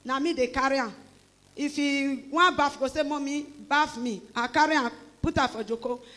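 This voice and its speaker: A middle-aged woman with a Nigerian Pidgin English accent gives an emotional church testimony, telling her story with animated exclamations and acting out the voices of others. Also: sits high, moderate pace. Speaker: church member giving testimony.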